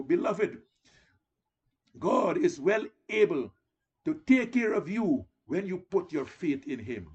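A man's voice: on the high side, darkish tone, breathy edge. A man preaching a sermon in an earnest, exhorting manner, often calling his listeners "beloved" and rising into emphatic declarations.

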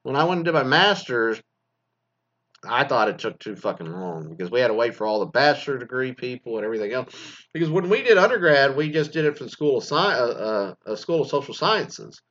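A man's voice: mid-range voice, big pitch swings, brisk, a bit bright. Crude ranting middle-aged man from Texas. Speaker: former teacher. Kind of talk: profane monologue. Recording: slightly dull lo-fi sound.

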